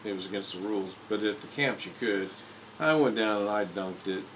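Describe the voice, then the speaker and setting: On a relaxed livestream, a man in his fifties from Indiana speaks in a somewhat low, brisk voice, drifting from one anecdote to another in a casual storytelling monologue. He keeps restarting phrases and fixing his words, while a faint air-conditioning hum sits in the room behind him.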